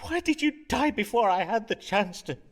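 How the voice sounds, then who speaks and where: A dramatic old-time astrologer, animated high voice, archaic speech. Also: male voice, moderate pace, soft background music. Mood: grieving. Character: Elizabethan astrologer doctor, proud and dramatic.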